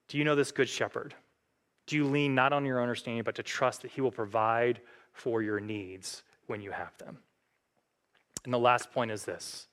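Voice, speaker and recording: A man pastor preaching a sermon in an earnest way, reading scripture aloud and lifting his voice as he quotes it. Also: a bit bright. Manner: earnest, reads scripture aloud, rises in pitch and force when quoting.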